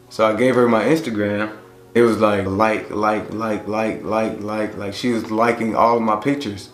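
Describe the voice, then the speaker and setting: A man with a fairly low voice tells a laid-back story, pausing often and acting out the dialogue. The room echoes around him, and faint music plays underneath. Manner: laid-back, halting retelling that acts out dialogue. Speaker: husband telling how the couple met. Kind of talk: casual storytelling. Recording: roomy echo with faint music.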